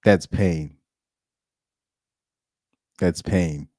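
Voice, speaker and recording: A man hosts a laid-back live stream reacting to a football game, laughing a lot and wandering through his thoughts with frequent restarts. He speaks low with drawn-out words and a darkish tone, recorded in clean, echo-free studio quality.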